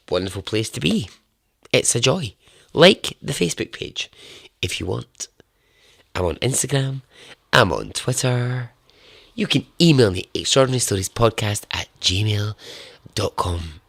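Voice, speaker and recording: A man's voice: on the low side, animated, unhurried, vocal fry, pauses often, a bit bright, breathy edge, no echo, studio quality. A man hosting a podcast, signing off in a loose, chatty ramble with some swearing. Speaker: podcast host. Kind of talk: casual rambling sign-off.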